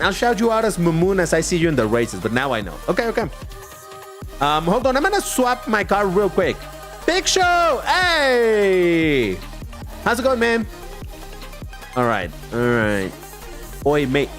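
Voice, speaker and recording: Lively, chatty man with light Mexican accent. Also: a little high. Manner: chatty, excitable, quick to laugh. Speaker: livestreaming racing gamer. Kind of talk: casual live commentary while gaming.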